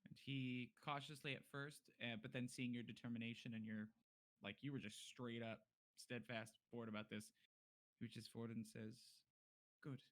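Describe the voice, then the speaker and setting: A man's voice: medium pitch, flat delivery, moderate pace. A man running a tabletop game as game master, narrating loosely with casual fillers.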